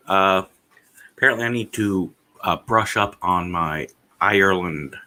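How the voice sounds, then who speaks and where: Low, slow-talking streamer man. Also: bright, forceful tone. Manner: rambling, profane, thinking aloud with many "uh"s. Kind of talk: casual live-stream chatter.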